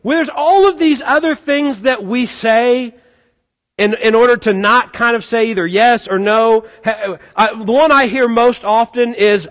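A man's voice: very high-pitched, unhurried, a bit bright. A middle-aged male pastor preaching a conversational, joking sermon, acting out the voices of the people he quotes. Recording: long hall reverb.

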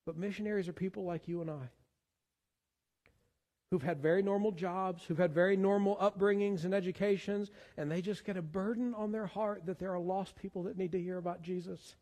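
A man's voice: sits high, fairly even intonation, fairly quick, mellow, in a large hall. A man preaching a sermon as pastor, earnest and given to repeating words as he searches for the next one. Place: church sanctuary.

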